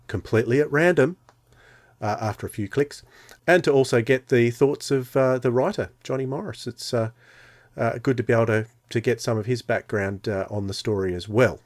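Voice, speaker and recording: Male co-host, middle-register voice, halting and casual. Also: medium pitch, a little mellow. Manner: hesitant, many "uh" fillers. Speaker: podcast co-host. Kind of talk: casual podcast talk.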